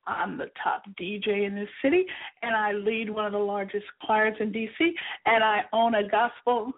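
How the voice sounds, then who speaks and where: A woman reading the lines of an angry, scornful male boss in a husky voice, slow and emphatic, with tinny phone-like sound. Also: medium pitch, steady tone, lightly acted. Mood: defiant.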